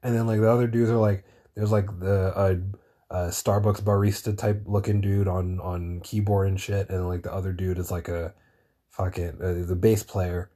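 A man's voice: low voice, flat delivery, normal speed, warm tone. A man hosting his own show, talking in a meandering, casual monologue full of swearing and searching for words. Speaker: podcast host.

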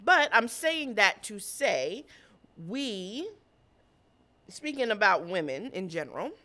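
A woman in her thirties co-hosting a podcast, chatting casually with lots of slang. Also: medium pitch. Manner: animated, talks fast with slang and laughter. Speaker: podcast co-host. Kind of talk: casual chat.

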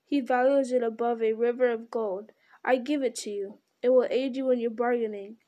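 Woman reading as a fussy, businesslike hobbit gentleman. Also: a little high, steady tone, moderate pace, highs cut off, lightly acted. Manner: prim businesslike politeness. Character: fussy polite male hobbit, small and businesslike.

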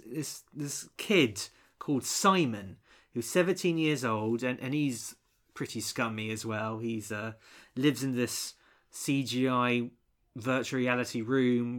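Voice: mid-range voice, measured pace, fairly bright tone. A co-host reviewing a film in casual chat, rambling with many restarts and fillers.

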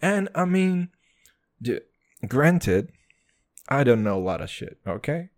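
A young man hosting a casual solo podcast, swearing a lot and dropping "dude" into every sentence, boastful and rambling. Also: slow. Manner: crude, swaggering slang, lots of "dude"; jumps between low mutters and high excited bursts. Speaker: podcast host.

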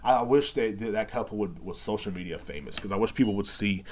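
A podcast host talks through a long, winding story in a relaxed monologue. His voice sits on the low side, and his speech is loose and profane, packed with "like" and "you know what I'm saying.". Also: quick pace. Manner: rambling profane storytelling, many fillers.

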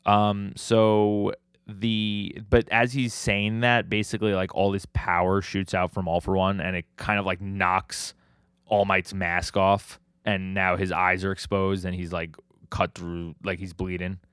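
A man with a lower-pitched voice hosts a podcast and recaps comic chapters in loose, rambling talk. He leans on "like" and drops the odd swear word. The sound is dry and close on a podcast mic. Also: little pitch movement, unhurried, fairly bright tone, smooth, no room sound. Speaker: podcast host.

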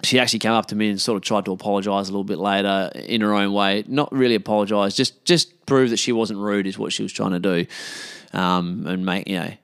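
A man's voice: lowish voice, fairly even intonation, fast, clear, resonant tone, no echo, studio quality. An Australian man telling a casual anecdote in a blunt, profane, rambling way. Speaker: storyteller.

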